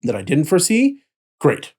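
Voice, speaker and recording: A man's voice: on the high side, wildly swooping pitch, moderate pace, a little mellow. A man co-hosting a casual chat about tabletop role-playing, explaining at length and checking in with "right?" as he goes. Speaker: podcast co-host.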